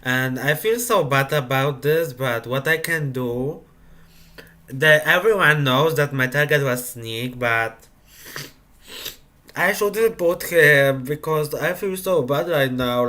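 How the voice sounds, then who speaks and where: A tearful man speaks slowly in halting. His voice is bright, and his words come in an emotional, faltering confessional. He sounds on the edge of crying throughout. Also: a little high, lively intonation. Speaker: game player.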